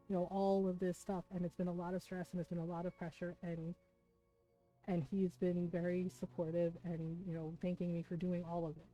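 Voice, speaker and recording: A woman streamer, chatting casually and emotionally to her viewers, close to tears and full of fillers. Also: lowish voice. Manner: emotional, many fillers and "right?" asides. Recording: dull lo-fi stream audio with soft music.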